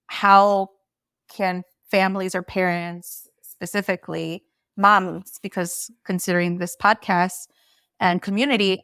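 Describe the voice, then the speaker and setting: A woman's voice: on the low side, gravelly, a bit bright, no room sound, studio quality. A woman hosting a podcast interview, a mother of two young children, thinking aloud and asking her guest questions. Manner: reflective, asks questions openly.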